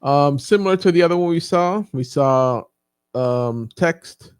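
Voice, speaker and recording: A man's voice: fairly high pitch, a little slow, clean tone, no room sound, clean studio sound. A man giving a casual live training, thinking aloud with frequent fillers as he walks through examples on his screen. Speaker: YouTube coach.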